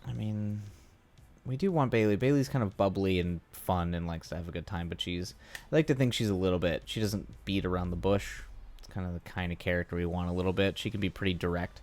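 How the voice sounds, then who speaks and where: A man's voice: low-pitched, fairly quick, darkish tone. A man streaming live, thinking aloud and musing with rambling asides while he writes a script. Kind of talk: casual live-stream writing session.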